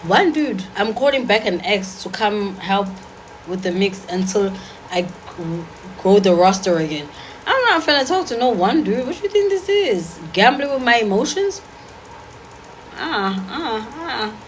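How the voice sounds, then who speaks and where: A woman's voice: medium pitch, slight background noise, low-quality recording. Blunt, sassy woman talking to a crowd. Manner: blunt, sassy, rapid-fire. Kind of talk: casual talk to an audience.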